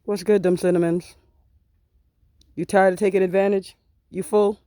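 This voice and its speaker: Playful chicken keeper with a mellow voice. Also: medium pitch, flat delivery, moderate pace, no echo, studio quality. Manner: playful, teasing banter with the birds. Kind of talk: casual vlog, talking to chickens. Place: outdoors in a chicken yard.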